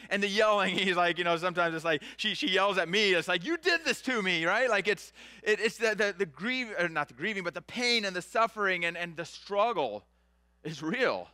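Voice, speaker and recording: A middle-aged male pastor preaching a sermon in a conversational way, swinging from loud animated passages to hushed, soft ones. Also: high voice, smooth, no echo.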